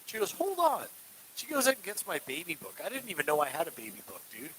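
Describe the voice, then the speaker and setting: A man co-hosting a casual podcast, retelling a story in an animated, easygoing way and dropping slang like "dude" and "man". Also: on the high side, very fast, slight background noise, rough recording. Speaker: podcast co-host. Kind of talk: casual chat.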